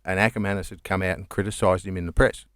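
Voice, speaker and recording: An Australian man with a low, grounded voice spins long, rambling comedy stories, laughing easily and swearing without fuss. The sound is dry and close to the mic. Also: fairly even intonation, fast talker, a bit bright, clean tone, no room sound. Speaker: comedian guest. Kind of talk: casual storytelling chat.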